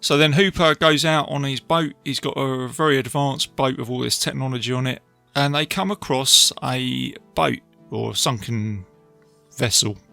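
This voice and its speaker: A man hosting a podcast, casually retelling a film with animated asides to his listeners. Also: mid-range voice, moderate pace, gravelly, faint music behind. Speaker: podcast host reviewing a film. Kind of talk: casual film review talk.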